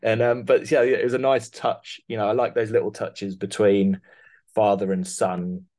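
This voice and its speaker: Male interview guest, low-pitched, rambling and chatty. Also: flat delivery, normal speed, a little mellow. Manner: rambling, many restarts, laughs through stories. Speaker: costume designer, guest. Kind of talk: casual interview chat.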